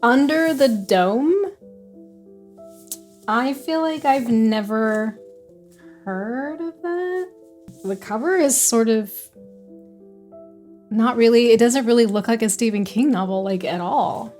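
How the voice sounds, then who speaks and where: A woman's voice: on the high side, takes it slowly, pauses often, a little mellow, faint music behind. A young adult woman casually chatting as a book vlogger who giggles and rambles between thoughts. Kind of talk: casual unboxing chat.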